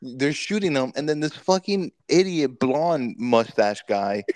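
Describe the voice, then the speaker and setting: A man co-hosting a podcast, retelling movie scenes in an animated, profane way and putting on quick voices for the characters. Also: mid-range voice, dry recording. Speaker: podcast co-host. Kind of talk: casual movie review chat.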